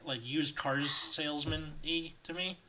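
Bright, animated man on a comedy podcast. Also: on the high side, a little slow. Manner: animated, wry, laughs easily. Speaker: co-host reading a fan story.

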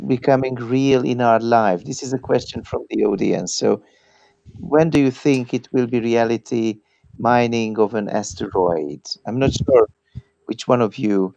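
A man moderating an online roundtable, measured and unhurried, with fillers. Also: mid-range voice, vocal fry, mellow, dry recording, highs cut off. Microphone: video call.

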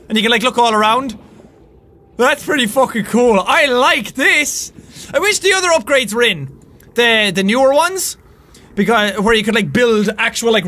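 A young Irish man in his twenties giving loud, excitable let's-play commentary, swearing often and yelling with excitement. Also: very high voice. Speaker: gaming YouTuber.

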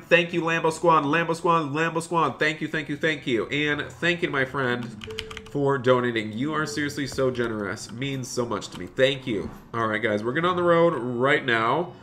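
A man's voice: fairly high pitch, moderate pace. A young man streaming a driving game live, chatting to viewers and gushing with thanks for donations. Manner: excitable, gushing thanks to donors.

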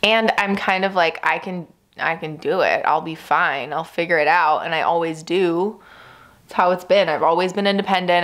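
A woman's voice: on the low side, vocal fry. A woman in her thirties talking candidly to camera in a personal vlog at home, chatty and full of "like". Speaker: vlogger.

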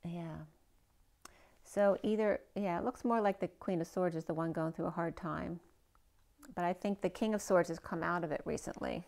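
A woman reading tarot cards aloud in a casual way, thinking out loud and asking the cards questions as she goes, her voice a little hoarse. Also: lowish voice, fairly quick. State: a bit hoarse, losing her voice. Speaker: tarot card reader.

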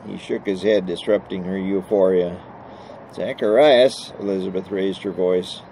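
Low, mellow man reading a novel. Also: little pitch movement, moderate pace, creaky, a little hiss or hum, low-quality recording. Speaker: audiobook narrator.

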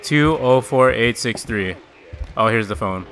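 A man's voice: mid-range voice, a little slow, a bit bright, faint music behind. A man streaming a horror game live, talking to his chat, swearing often and shrieking when startled. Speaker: gaming streamer. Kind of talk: live gameplay reaction.

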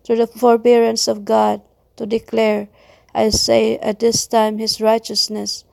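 A woman giving a scripted devotional reading in a slow, measured recitation. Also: fairly high pitch, completely flat delivery, creaky, darkish tone, no room sound. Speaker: devotional reader.

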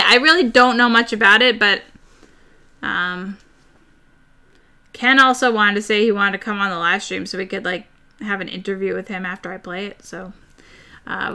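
A young woman chatting casually and excitably about board games on her live stream, rambling with fillers. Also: medium pitch.

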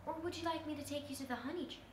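A woman's voice: sits high, very fast, pitched above the performer's own voice, natural voice. A woman voicing a sensible young girl who speaks plainly and scolds firmly, close to her own voice. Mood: offering. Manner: matter-of-fact, scolding. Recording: echoey room, faint hiss.

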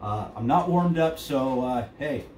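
A man's voice: mid-range voice, a little slow, reverberant. Drum teacher guy chatting loose, noisy room, mic kinda far off. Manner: relaxed, many fillers, counts beats aloud. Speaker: drum instructor. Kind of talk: casual drum lesson. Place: drum studio.

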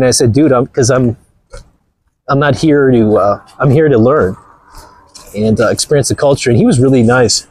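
A man's voice: medium pitch, moderate pace, pauses often, darkish tone, husky, no room sound. A man vlogging outdoors with a phone camera, blunt and mocking, rambling through stories as he walks. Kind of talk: casual walking vlog talk.

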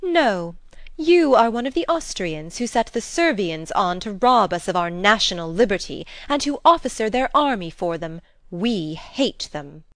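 A proud young Bulgarian lady, haughty and scornful, read by a woman. Her pitch runs slightly high and swoops lively from line to line. The sound is dry and close. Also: moderate pace, no room sound. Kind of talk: audiobook drama reading.

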